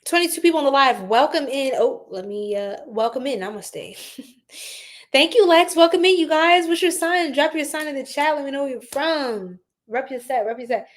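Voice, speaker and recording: A young woman giving a casual live-stream tarot reading, animated and slangy as she chats with her viewers. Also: high-pitched, moderate pace.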